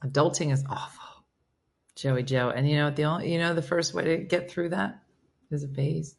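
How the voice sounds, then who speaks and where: A woman in her forties with a low voice hosts a casual morning show. She chats easily and reads listener messages aloud between her own stories. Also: fairly even intonation, normal speed, creaky, a little mellow. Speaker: radio host reading listener messages.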